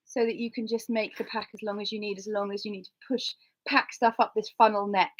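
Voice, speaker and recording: A middle-aged woman from Cornwall, England, a hiker and vlogger, chats casually about her hiking gear and tells lively stories. She's chatty and animated, acting out dialogue in a higher voice. The lo-fi recording sounds slightly dull.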